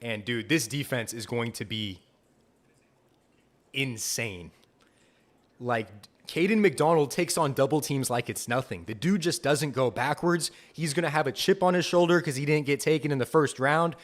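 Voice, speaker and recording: A young man hosting a live fan podcast, reacting to picks with excited, repetitive enthusiasm. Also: medium pitch, normal speed. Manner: excited, enthusiastic, repeats himself. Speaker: podcast host.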